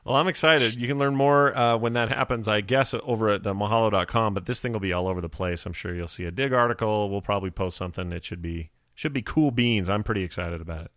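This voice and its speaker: A man's voice: lowish voice, fast talker, few pauses, fairly bright tone, no room sound, clean studio sound. A man hosting a podcast in a laid-back, joking way, with slang like dude. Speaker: podcast host. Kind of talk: casual chat.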